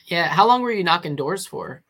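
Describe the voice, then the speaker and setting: A man's voice: sits high, animated, brisk, a bit bright. A man hosting a podcast, putting casual questions to his guest. He often stops and restarts before he gets the question out. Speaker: podcast host.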